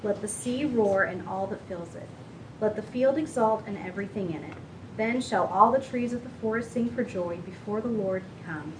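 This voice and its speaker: A woman reading scripture aloud in a steady, measured way during a church service. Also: mid-range voice. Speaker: scripture reader. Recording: noisy church recording.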